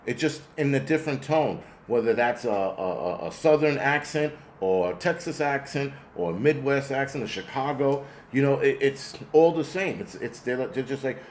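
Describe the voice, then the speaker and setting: A man's voice: medium pitch, expressive, normal speed, hardly any pauses. Cussing guy host ranting, sarcastic and fed up, faint hiss in the back. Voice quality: profane, blunt. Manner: sarcastic, exasperated. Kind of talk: ranting commentary reading chat.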